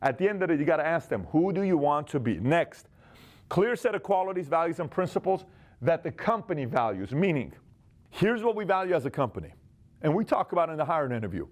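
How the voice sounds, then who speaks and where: A man in his forties giving an energetic motivational business talk, acting out quick snatches of dialogue. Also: a little high. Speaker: business speaker.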